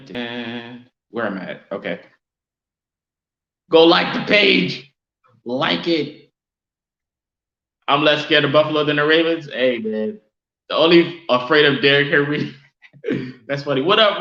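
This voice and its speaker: A man hosting a casual sports fan live stream, chatting loosely and giving viewers shout-outs. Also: on the high side. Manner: casual, reads and answers chat shout-outs. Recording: roomy, dull lo-fi sound.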